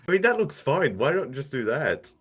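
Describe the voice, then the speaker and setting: A man's voice: mid-range voice, big pitch swings, a little slow, a bit bright, husky. A young man with an Australian accent co-hosting a casual movie-watching podcast, making dry, wry remarks. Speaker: podcast co-host.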